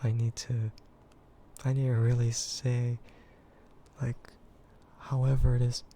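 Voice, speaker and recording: An American man chatting in a soft, gentle ASMR voice, relaxed and hesitant with frequent giggles. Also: medium pitch, slow, a little hiss or hum. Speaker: VTuber streamer. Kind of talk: soft-spoken ASMR chat.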